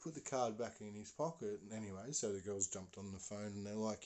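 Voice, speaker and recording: A man's voice: fairly low pitch, moderate pace. A man hosting a podcast, telling a story casually and rambling with lots of fillers. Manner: rambling, full of "you know" fillers. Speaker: podcast host.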